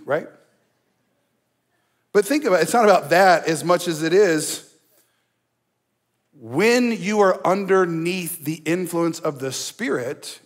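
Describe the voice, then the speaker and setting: A man's voice: fairly high pitch, unhurried. A male pastor preaching a sermon in a conversational, emphatic way, with asides to the congregation. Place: church.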